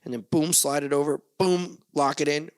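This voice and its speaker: Gravelly guy hosting a solo podcast: rambly, excitable, easily sidetracked. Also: a little high, normal speed. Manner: rambling, loses his train of thought, animated bursts. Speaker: podcast host.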